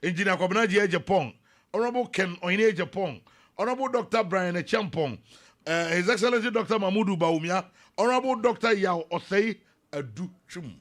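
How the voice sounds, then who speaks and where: A man's voice: sits high, fairly quick. Ghanaian man hosting morning radio. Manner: animated, switching between Twi and English, reads messages aloud. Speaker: radio morning show host. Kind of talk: casual radio chat and news reading. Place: radio studio.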